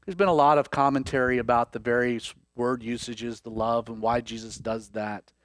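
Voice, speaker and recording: A male pastor preaching a sermon, acting out scripture scenes with swings between loud intensity and hushed moments. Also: mid-range voice, fairly even intonation, moderate pace, no room sound, studio quality. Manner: dramatic preaching, voices scripture figures with rising intensity.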